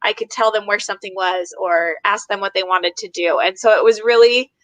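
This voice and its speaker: A bright, forceful woman with a slightly high voice hosts a casual video chat. She is chatty and affirming and tells her own stories, and her voice sounds dry and close. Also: steady tone, fairly quick, dry recording, low-quality recording. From United States. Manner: chatty, warmly affirming, storytelling.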